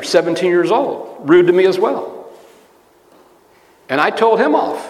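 Man preaching in an echoey hall. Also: on the high side. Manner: storytelling, rambling, self-correcting. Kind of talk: conversational sermon with personal stories. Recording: echoey hall with long reverb.

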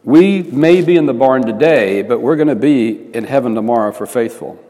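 A man's voice: medium pitch, lively intonation, moderate pace, dark tone. A man preaching by telling a story, in an earnest manner that often restarts phrases. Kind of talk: storytelling sermon. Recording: reverberant hall.

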